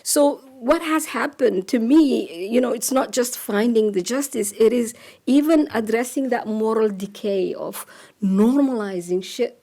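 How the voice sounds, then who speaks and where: Woman on a festival panel, kinda gravelly, earnest and animated. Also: a little high, measured pace. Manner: earnest, animated, with frequent restarts. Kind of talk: panel discussion.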